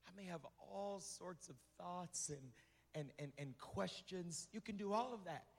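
Higher-voiced man preaching in a reverberant hall. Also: a little slow, vocal fry. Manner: conversational preaching with repeated phrases for emphasis. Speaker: pastor. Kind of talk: sermon. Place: church sanctuary. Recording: reverberant hall with music behind.

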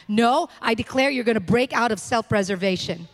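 A woman pastor delivers a sermon in a high, bright-pitched voice. She preaches emphatically, driving home repeated phrases and declarations. The sound carries the long reverb of a church hall. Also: animated, normal speed, hardly any pauses. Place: church sanctuary.

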